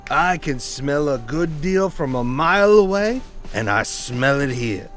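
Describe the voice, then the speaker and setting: Jack, a lively Italian trader. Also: male voice, fairly high pitch, unhurried, soft background music. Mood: salesy. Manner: theatrical, sprinkles Italian words. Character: smooth-talking Italian male trader, salesy and eager. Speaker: supplier.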